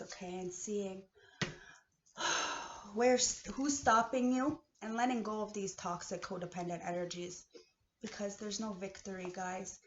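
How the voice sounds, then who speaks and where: A woman from Canada in a heated, profane personal rant, swinging between low muttering and shouting. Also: a little hiss or hum. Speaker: vlogger. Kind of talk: emotional personal rant to camera. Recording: echoey room, dull lo-fi sound.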